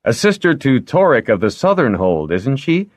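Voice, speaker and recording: A man reading aloud and voicing a placid, dryly wry older lord who speaks in a calm, measured way. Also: mid-range voice, no echo, voice pushed up.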